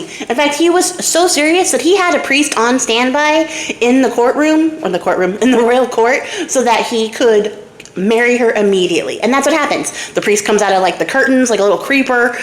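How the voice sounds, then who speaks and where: A woman's voice: on the high side, expressive, fairly quick. A young woman casually retelling a fairy tale at home, irreverent and chatty, swearing and acting out the characters' lines. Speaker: storyteller and craft channel host. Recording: echoey room.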